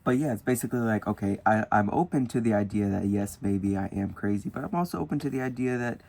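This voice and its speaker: This clip has a fairly low, darkish male voice with vocal fry, moving at a quick pace. He's a young vlogger drifting through casual thoughts on spirituality while coloring with pencils.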